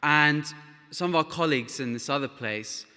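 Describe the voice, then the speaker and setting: Man, missionary speaker, earnest chatty storytelling, bright tone, hall reverb. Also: on the high side, normal speed, clear, resonant tone. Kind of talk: church testimony talk.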